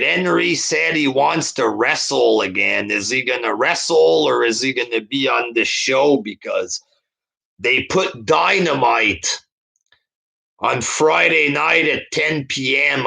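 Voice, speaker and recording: A man's voice: mid-range voice, gravelly, sharp tone. A man hosting a stream, reading viewer comments aloud and answering them with a crude, scornful rant. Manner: crude, scornful, fillers like "like" and "there". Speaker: host reading viewer chat. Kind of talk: profane rant reading live chat.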